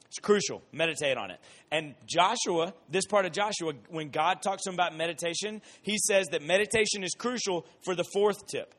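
A man preaches in a casual, chatty way, using everyday examples. His voice sits a little high, and he slows down to repeat his key points with emphasis. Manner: conversational, animated, drops to slow emphatic repetition. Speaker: Bible teacher. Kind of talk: casual sermon.

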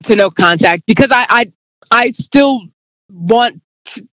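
A woman's voice: a little high, animated, measured pace, pushed and bright, no echo. Woman guest, emotional storyteller, voices both sides of the conversation, dry close sound. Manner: rambling, acts out quoted dialogue; emotional, near tears. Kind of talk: casual storytelling.

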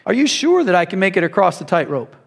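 A man voicing an ordinary male tourist who gets anxious and excitable and exclaims a lot, in a sermon story. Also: high voice, fast talker, vocal fry, exaggerated voice. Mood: earnest.

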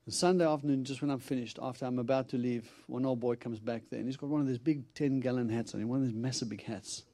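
Guy preaching, tells stories w/ lots of laughs, mellow dark-ish voice. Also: medium pitch, quick pace. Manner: animated storyteller, acts out quotes, laughs often. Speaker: itinerant preacher. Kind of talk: storytelling sermon.

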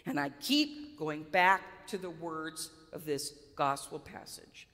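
Bright-voiced woman pastor preaching in a hall. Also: low-pitched, slow pace. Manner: conversational, animated retelling with quoted dialogue. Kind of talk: sermon storytelling. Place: church.

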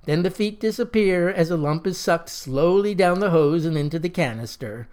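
A narrator reading a slapstick comic story aloud in an even storytelling delivery. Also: mid-range voice, normal speed.

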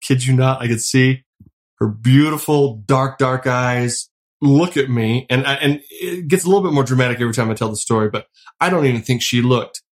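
Casual co-host: middle-aged man, easygoing storyteller, laughs a lot, mid-pitched voice. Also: moderate pace. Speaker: podcast co-host. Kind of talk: casual chat.

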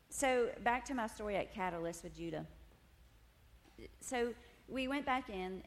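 A woman shares a personal faith testimony with a gathered group, her fairly low voice turning animated and laughing as she tells the story. A faint ambient hum sits under the room. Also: vocal fry. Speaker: women's ministry speaker. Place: meeting room with tables.

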